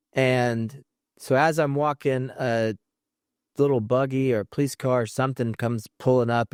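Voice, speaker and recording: A man tells a personal story, stopping and restarting his sentences as he goes. His voice sits at an ordinary middle pitch. It is recorded close and dry, with no room sound. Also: no room sound. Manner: halting, restarts mid-thought. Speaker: podcast host.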